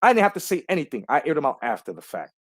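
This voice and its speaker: A man's voice: fairly high pitch, huge pitch swings, very fast, fairly bright tone, no echo. A man telling a story in a heated, indignant and profane way, as a commentator on a boxing channel. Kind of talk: casual ranting monologue.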